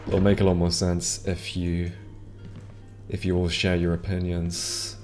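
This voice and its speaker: A man's voice: low voice, monotone, measured pace, a little mellow, faint music behind. A man streaming a video game, chatting casually to viewers, rambling with many ums and restarts. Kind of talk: casual gameplay commentary. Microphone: headset or desk mic.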